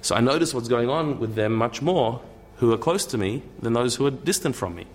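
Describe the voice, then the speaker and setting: Guy lecturing casually, mid-pitched voice, keeps restarting and repeating words, dry little jokes, faint hum behind. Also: expressive, a little fast. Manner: thinking aloud, repeats words and restarts, wry asides. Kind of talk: conversational lecture.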